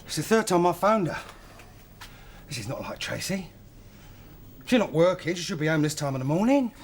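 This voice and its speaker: An actor playing a worried, defensive prisoner. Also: male voice, fairly high pitch, very animated, normal speed, slight background noise.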